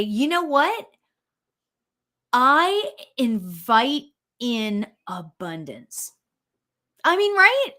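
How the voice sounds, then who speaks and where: Woman host, medium on a live stream, chatty and encouraging, with a fairly high, lively voice. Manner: chatty and encouraging, reads viewer comments aloud; animated, leaps in pitch, laughs often. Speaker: spiritual medium hosting a live show. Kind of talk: casual live-stream talk.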